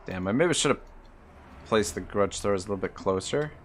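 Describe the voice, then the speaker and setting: Male streamer, East Coast Canadian accent, lowish, relaxed chat-reading commentary. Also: brisk, a little hiss or hum. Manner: easygoing, chuckling, reads chat aloud. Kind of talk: casual live-stream gameplay commentary.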